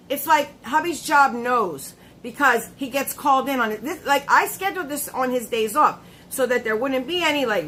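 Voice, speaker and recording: A woman's voice: high voice, sharp tone, slight background noise, poor audio. A woman hosting a casual live stream, chatty and laughing often, greeting her viewers by name.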